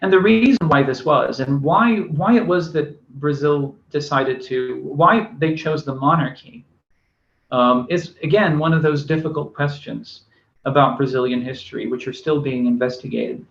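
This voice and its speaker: A man's voice: medium pitch, normal speed, vocal fry, a bit bright. A man giving a recorded university lecture, speaking with many fillers and restarts. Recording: echoey room, dull lo-fi sound.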